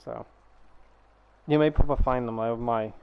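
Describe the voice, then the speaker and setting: Talking at normal speed in a steady, creaky mid-range voice, a man streams a game and chats loosely into his gaming headset, full of fillers and restarted sentences. The recording is muffled with a noisy background.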